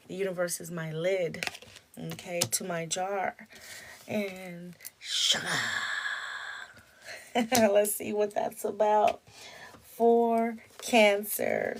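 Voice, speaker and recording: A woman giving a tarot reading for a zodiac sign, animated, breaking into sung snippets and laughter. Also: medium pitch, a little hiss or hum. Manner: animated, sings and chants snippets, laughs often. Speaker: tarot reader.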